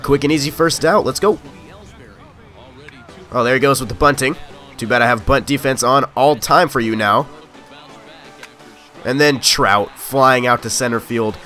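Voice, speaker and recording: A young man giving live commentary on his own gameplay, excitable and quick to shout or grumble at the game. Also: mid-range voice, soft background music. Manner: excitable, yelling at the game, frustrated outbursts. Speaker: gaming YouTuber.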